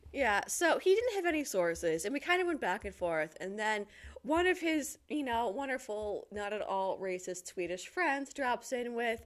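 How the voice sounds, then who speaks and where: An American woman talking in a relaxed podcast chat. Her voice sits high and swings widely up and down as she tells the story, leaning on fillers and quick asides. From United States. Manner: animated storytelling, lots of fillers. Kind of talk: casual chat.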